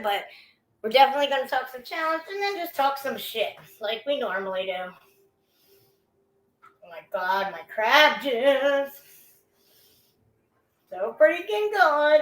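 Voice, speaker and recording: A woman's voice: high-pitched, fairly bright tone, echoey room. Chatty woman streaming from home. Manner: chatty, loose and profane. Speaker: livestream host. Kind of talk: casual livestream chat. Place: at home indoors.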